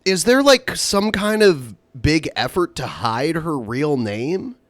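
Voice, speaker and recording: A man co-hosting a casual podcast, talking in a lively, up-and-down way and laughing easily. His voice sits right on a dry mic with no room around it. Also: fairly high pitch, takes it slowly, dry recording. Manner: animated, chatty, laughs often. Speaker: podcast co-host.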